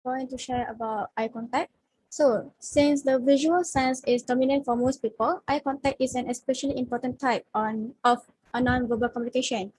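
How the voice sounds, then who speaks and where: A woman's voice: high-pitched, fairly even intonation, normal speed, darkish tone, husky, no echo, low-quality recording. A young woman student giving a class presentation over a video call, speaking hesitantly with many fillers and restarts. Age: young adult.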